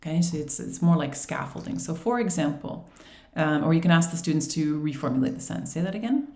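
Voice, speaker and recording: A woman's voice: sits low, fairly even intonation, a little fast, darkish tone. Patient teacher woman in an echoey room. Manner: clear, patient, acts out teacher and student lines. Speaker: ESL teacher trainer. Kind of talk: instructional presentation.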